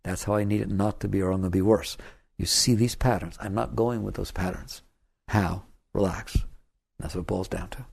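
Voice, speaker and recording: Husky, gravelly-voiced man giving a spiritual talk. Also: lowish voice, steady tone, normal speed. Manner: emphatic, repeats key phrases, asks the listeners questions. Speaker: spiritual teacher. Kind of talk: spiritual talk to a live audience.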